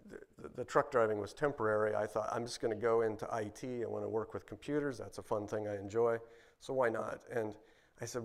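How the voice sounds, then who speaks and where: A middle-aged man from Ohio giving a personal testimony at a church service, rambling with restarts and fillers, and growing animated at exciting moments. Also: fairly low pitch, a little fast, gravelly. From Ohio, United States. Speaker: guest speaker at church service.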